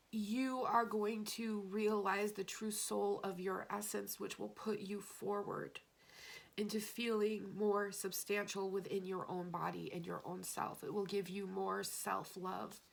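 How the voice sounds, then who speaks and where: A woman giving a spiritual tarot reading, talking gently and rambling, often emotional. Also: mid-range voice, gravelly, breathy edge. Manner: gently rambling, emotional, at times tearful and laughing. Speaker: tarot card reader.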